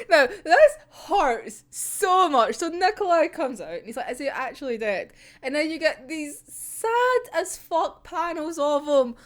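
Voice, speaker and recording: A young woman casually recapping a manga chapter, rambling and swearing, breaking into frequent laughter. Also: high-pitched. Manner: excitable, rambling, swears a lot, laughs often. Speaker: manga reaction vlogger.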